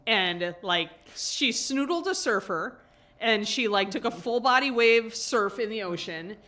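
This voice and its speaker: A woman co-hosting a casual livestream chat, talkative and quick to laugh, trailing off mid-sentence. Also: a little high, lively intonation, sharp tone. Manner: chatty, laughs often, trails off. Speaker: livestream co-host.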